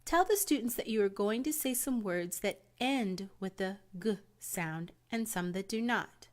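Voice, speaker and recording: Calm American woman reading lesson steps. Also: mid-range voice. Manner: calm, measured, instructive reading. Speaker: teacher-training narrator. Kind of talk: scripted instructional narration.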